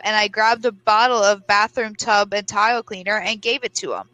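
Brief: young female podcast co-host, blunt storyteller, bright tone, dead-dry sound. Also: on the high side, moderate pace, hardly any pauses, no echo, poor audio. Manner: blunt, swears freely, animated storytelling. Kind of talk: casual chat, reading a post aloud.

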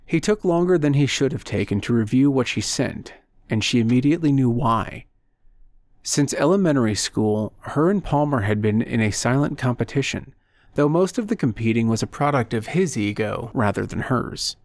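A man narrating a short story in a measured, steady storytelling manner at a close microphone. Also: medium pitch, no echo. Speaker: audiobook narrator. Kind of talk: scripted narration.

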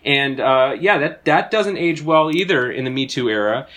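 A man's voice: mid-range voice, moderate pace, fairly bright tone. A man co-hosting a casual movie podcast, talking with dry, jokey asides. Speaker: podcast co-host.

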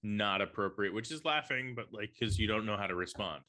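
A man's voice: fairly low pitch, lively intonation, fairly quick, pushed and bright. A man co-hosting a podcast, chatting casually with teasing banter. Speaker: podcast co-host.

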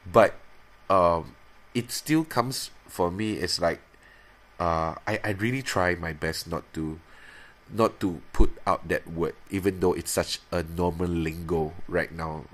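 Low-voiced man rambling through a confession. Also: a bit bright. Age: 30s. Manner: rambling, halting, with many restarts; bursts into high-pitched playacting when imitating himself. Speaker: podcast host. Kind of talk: casual personal confession.

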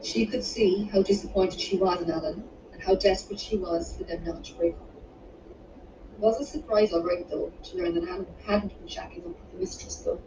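A woman reading her own romance novel aloud in a measured, unhurried way, with the odd small restart. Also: medium pitch. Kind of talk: audiobook narration. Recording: roomy, distant, muffled home recording with background noise.

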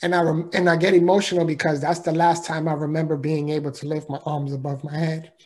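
A man's voice: on the high side, little pitch movement, fast, darkish tone. A man telling a personal story as an interview guest, earnest and emphatic, in a casual way of talking.

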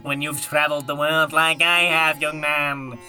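A performer playing a grand, eccentric aging actress hosting hippie cabins, with a slow theatrical drawl and a wandering accent. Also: mid-range voice, level tone, sharp tone, soft background music. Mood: grandly.

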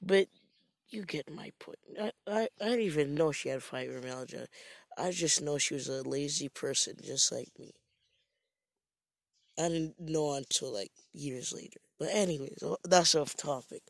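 Male storyteller from Jamaica, higher-pitched, unhurried, profane and rambling, dry sound. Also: creaky, dry recording. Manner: rambling, profane, self-mocking. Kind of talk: casual storytime monologue.

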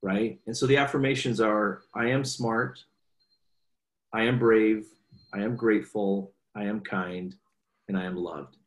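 A man in his forties telling stories earnestly in a conversational interview, animated as he quotes his children. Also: on the low side, unhurried. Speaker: guest speaker. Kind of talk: conversational storytelling. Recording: echoey room.

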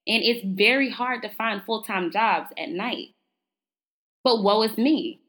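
On her solo motivational podcast, a young female host talks in an unhurried, slightly bright voice pitched a little high. She's laid-back and talkative but preachy, addressing the audience as "y'all."

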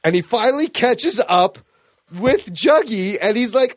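Animated man recapping a story. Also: very high voice, normal speed, no room sound, studio quality. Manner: animated, swears freely. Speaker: podcast host. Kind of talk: casual chat, story recap.

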